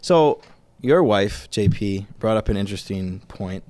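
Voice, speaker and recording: A man's voice: on the low side, lively intonation, unhurried, mellow. A man co-hosting a casual podcast chat, joking and laughing often, recorded on a close studio mic. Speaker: podcast co-host.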